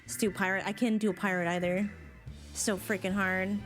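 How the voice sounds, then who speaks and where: A woman gaming streamer giving casual, animated commentary while she plays, reacting freely and swearing now and then. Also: mid-range voice, moderate pace. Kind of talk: casual let's-play commentary. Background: faint game music.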